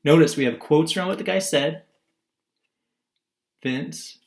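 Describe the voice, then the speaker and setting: A man's voice: fairly high pitch, measured pace. A male teacher recording a video lesson, asking his class questions and answering them himself, and acting out quotes in different voices.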